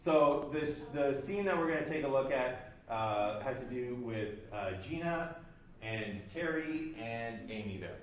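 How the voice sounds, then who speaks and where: A man's voice: mid-range voice, animated, measured pace, highs cut off. A man giving a recorded psychology lecture, explaining loosely with many fillers. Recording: very echoey room, mic at a distance.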